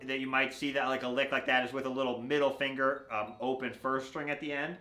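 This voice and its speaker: Relaxed man teaching banjo, echoey room. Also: medium pitch, fast talker, loud music behind the voice. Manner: relaxed, explains step by step with frequent "right?". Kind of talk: casual instructional talk. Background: banjo playing.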